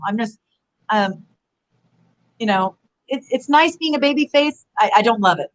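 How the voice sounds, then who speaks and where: Woman in her forties, interview guest, rambling animated storyteller, mid-pitched voice, lots of fillers. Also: normal speed, pauses often, poor audio. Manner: rambling, animated, heavy use of "you know". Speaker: guest, former pro wrestler.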